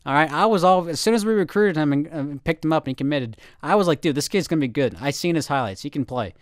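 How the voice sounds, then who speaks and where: A man's voice: a little high, quick pace, no room sound, studio quality. A man co-hosting a casual sports podcast, telling stories with animation and acting out the quotes. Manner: animated storyteller, acts out quotes. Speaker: podcast co-host.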